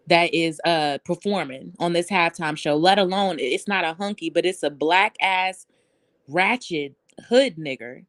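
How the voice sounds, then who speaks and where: A woman's voice: on the low side, no room sound. A woman hosting a casual live stream, talking loosely and bluntly with lots of swearing and laughter.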